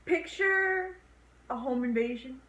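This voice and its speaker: A woman's voice: high voice, lively intonation, slow, a bit bright. A young woman co-hosting a casual horror movie review, laughing often and chiming in with quips. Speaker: co-host reviewing a horror film. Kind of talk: casual chat recapping a movie. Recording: echoey room with faint background noise.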